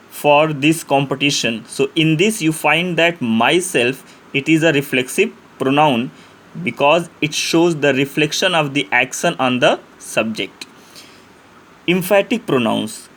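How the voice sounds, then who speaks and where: A man with an Indian English accent teaching a grammar lesson, explaining slowly and methodically through repeated examples. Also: a little high, fairly bright tone.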